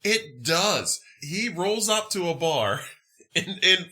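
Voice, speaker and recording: A man hosting a casual movie podcast, recapping a film in an animated, profane, exasperated way. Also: sits high, takes it slowly. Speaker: podcast host.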